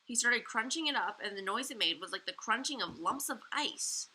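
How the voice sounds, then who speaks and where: A woman's voice: on the high side, moderate pace, slightly rough, rough recording. A woman reading a children's book aloud, showing the pictures as she goes. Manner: lively, expressive reading.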